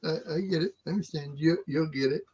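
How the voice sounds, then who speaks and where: A middle-aged man co-hosting a casual chat show, talking in a halting way with many fillers and chuckles. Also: on the high side, a little mellow, breathy edge. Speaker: co-host.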